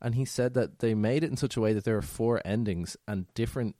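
Guy on a film podcast, talks quick and low, teasing and rambling, super dry sound. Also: warm tone, dry recording. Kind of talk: casual chat.

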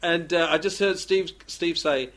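A man's voice: fairly high pitch, measured pace. A man co-hosting a podcast, chatting casually and telling jokes with a chuckle. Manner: animated storyteller, chuckling. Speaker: podcast co-host.

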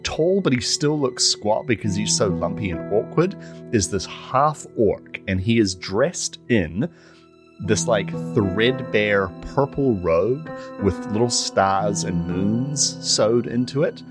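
A player with a fairly low male voice talks about his game character, rambling loosely with lots of fillers and restarts. He's animated but takes his time, and music is clearly audible beneath him.

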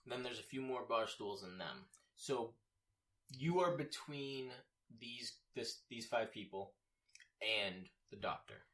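A man's voice: medium pitch, expressive, slow pace, fairly bright tone, recorded from a distance, poor audio. A man running a tabletop game as game master, explaining scenes step by step.

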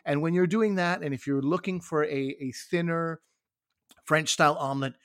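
A middle-aged man hosting a casual food podcast, with a teasing, wry manner and quick banter. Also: fairly high pitch, a bit bright, no room sound, studio quality. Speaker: podcast host.

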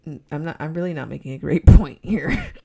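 A young woman hosting her own podcast, rambling in a casual solo chat and breaking often into loud giggly laughter. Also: low-pitched, animated, fairly quick, creaky, slightly rough. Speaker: podcast host.

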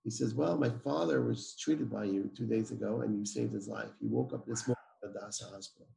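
A man's voice: lowish voice, fairly quick, vocal fry, dark tone. A man, a guest telling a personal story emphatically and acting out the dialogue. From Israel. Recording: roomy echo.

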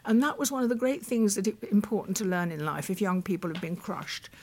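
Animated and brisk, with a mid-range, darkish-toned voice, a UK veteran broadcaster in her eighties recounts her past as an interview guest. Her reflective storytelling is thoughtful, marked by frequent restarts and quoted recollections.

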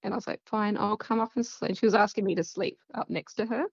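A woman's voice: medium pitch, fairly even intonation, fast talker, slightly rough, dry recording, lo-fi sound. A woman with an Australian accent, telling a personal story in a casual, rambling way full of fillers. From central west Queensland, Australia. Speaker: guest.

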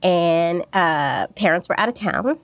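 A woman's voice: fairly low pitch, animated, slow, dry recording. A woman telling a personal story in casual chat, candid and rambling, with many fillers and restarts.

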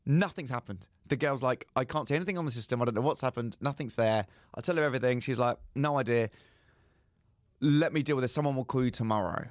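During casual storytelling on a podcast he co-hosts, a young man performs both sides of phone calls in a comic story. He's a fast talker with a mid-range voice, and the clean studio sound has no echo.

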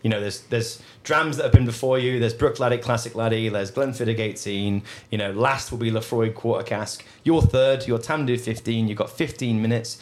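A young man, a whisky brand ambassador, telling animated anecdotes in casual podcast chat. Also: mid-range voice, normal speed, hardly any pauses, a little hiss or hum. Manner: animated, laughing anecdotes with acted quotes.

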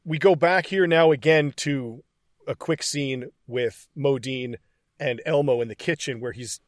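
A man co-hosting a casual film podcast, retelling scenes in a profane, animated way. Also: mid-range voice, measured pace, no echo, clean studio sound. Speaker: podcast co-host.

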